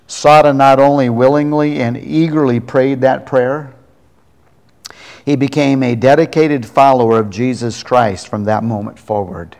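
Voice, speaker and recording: A man preaching a sermon as a story, earnest, slowing down to stress key words. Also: medium pitch, steady tone, darkish tone. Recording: long reverb of a large hall.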